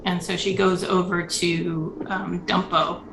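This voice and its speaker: Gravelly-voiced woman in an echoey room. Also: on the low side, little pitch movement, slow. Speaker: player. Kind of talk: playing a tabletop game. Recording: echoey room with clear background noise.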